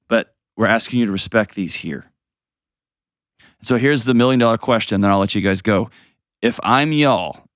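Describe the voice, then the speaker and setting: A man's voice: fairly low pitch, no echo, clean studio sound. A middle-aged man hosting a call-in advice show, talking earnestly and repeating phrases for emphasis. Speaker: call-in show host and counselor.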